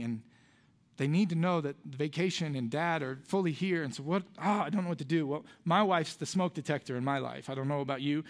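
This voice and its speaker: Earnest Midwestern pastor preaching. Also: male voice, fairly high pitch. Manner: earnest, conversational storytelling with emotional dips to soft quiet lines. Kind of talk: sermon with personal story. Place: church sanctuary.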